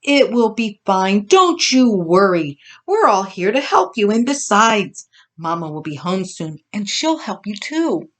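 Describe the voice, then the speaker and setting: Storybook pig, gentle and comforting, unhurried, read by a woman. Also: medium pitch, sing-song. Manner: soothing, gentle. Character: gentle, soothing farm pig.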